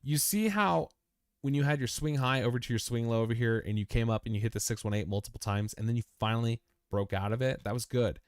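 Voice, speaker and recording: In a fast, medium-pitched voice on a dry, studio-quality recording, a young man breaks down crypto price charts on a live stream. He's chatty and repeats himself, talking to the chart as "you" and calling people "man", "dude" and "bro".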